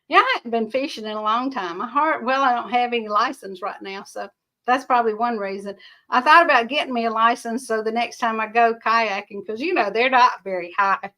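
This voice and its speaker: A woman's voice: a little high, brisk, pushed and bright. An older woman, hosting a rambling livestream, chatting casually and answering viewer comments in a folksy way. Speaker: livestream host.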